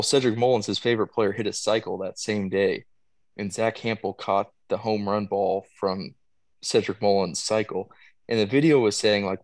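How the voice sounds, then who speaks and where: A man with a low, gravelly voice co-hosting a sports podcast, telling a story at a relaxed pace. He fills his pauses with ums and likes. The sound is close and dry. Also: no echo. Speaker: podcast co-host. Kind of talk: casual chat.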